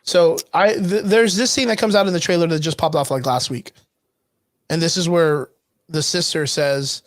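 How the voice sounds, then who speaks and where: Chatty, animated guy co-hosting a livestream. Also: on the high side, moderate pace, no room sound, studio quality. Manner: animated, chatty, laughs easily. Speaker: podcast co-host. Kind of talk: casual livestream chat.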